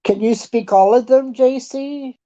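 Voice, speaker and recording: A Canadian woman in a casual chat, talking in a chatty, self-deprecating way and thinking out loud. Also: sits high, measured pace, dry recording. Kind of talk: casual chat with online viewers. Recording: dull lo-fi sound.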